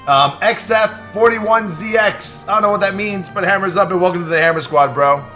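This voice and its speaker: A young man hosting a live stream, stressed and excitable, swearing and thanking subscribers in quick bursts. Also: high-pitched, soft background music. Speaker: livestream host. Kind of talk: live reaction stream chatter.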